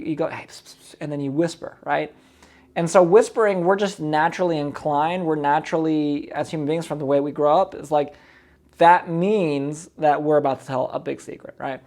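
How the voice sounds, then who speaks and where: A man coaching viewers in a quick, explanatory way, breaking down his own recorded cold calls with frequent repetitions and asides. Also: fairly high pitch, darkish tone. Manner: quick, explanatory, repeats himself. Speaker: real estate business coach.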